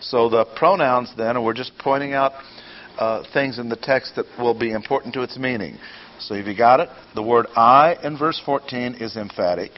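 Male Bible teacher, average pitch, patient and methodical, repeats key points; dull lo-fi tape. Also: normal speed. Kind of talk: classroom Bible lesson. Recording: dull lo-fi recording.

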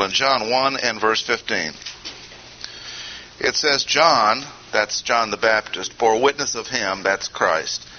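Male Bible teacher, measured and emphatic, very bright tone, muffled old tape feel. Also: medium pitch. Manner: deliberate, emphatic, pausing often. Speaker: preacher. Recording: dull lo-fi recording with faint hiss.

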